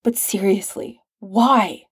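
A woman reading a manic, sarcastic billionaire man, needling and incredulous, pitched up above her own voice. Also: slow, husky, no echo, studio quality. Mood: pressing.

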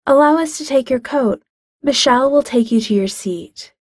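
Storybook bit part: a formal, polite hostess, voiced by the narrator, brighter and lifted. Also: female voice, sits high, normal speed, breathy edge, dry recording, studio quality, voice pushed up. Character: polite restaurant hostess, young woman.

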